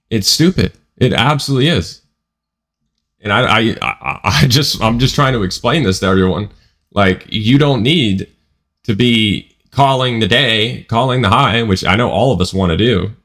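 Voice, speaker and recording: Male trading vlogger, lowish voice, emphatic and profane, stumbles over his words. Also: fairly bright tone. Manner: emphatic, profane, repeats himself. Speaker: trading educator. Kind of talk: casual vlog monologue.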